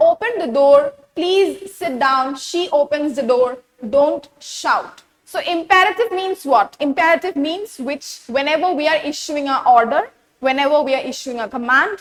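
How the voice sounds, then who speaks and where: High-voiced Assamese woman teaching grammar. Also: fairly bright tone, low-quality recording. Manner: explains step by step, often asking "what?" and "okay?"; switches between English and Assamese. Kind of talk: classroom grammar lesson.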